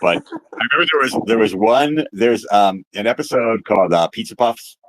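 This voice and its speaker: A man's voice: on the low side, expressive, moderate pace, a bit bright, dry recording. A man talking casually about writing for animation, with many ums and restarts. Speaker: animation writer. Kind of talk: casual interview chat.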